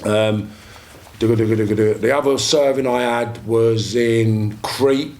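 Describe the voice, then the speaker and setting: Male guest, mid-pitched, rambling street talk, lots of restarts. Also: steady tone, unhurried, darkish tone. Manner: rambling, coarse street slang, many restarts. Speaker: podcast guest. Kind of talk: casual storytelling.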